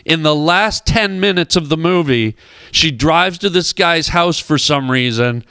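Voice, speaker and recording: A man's voice: fairly high pitch, measured pace, sharp tone, clean tone, no room sound, clean studio sound. A man, a comedian and actor guest on a radio show, telling rambling comic anecdotes and acting out the people in them. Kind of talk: animated storytelling on a radio show. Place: radio studio.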